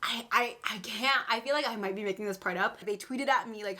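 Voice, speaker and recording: A woman's voice: on the high side, fairly quick, pushed and bright. A woman in her twenties telling embarrassing fan stories in a casual vlog, self-mocking and dramatic, swearing casually. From Canada. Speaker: vlogger.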